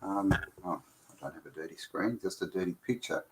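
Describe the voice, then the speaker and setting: A man's voice: deep voice, moderate pace, noisy background. Laid-back man on a live stream. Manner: relaxed and chatty, reads out viewer names, with fillers. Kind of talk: casual live chat, greeting viewers.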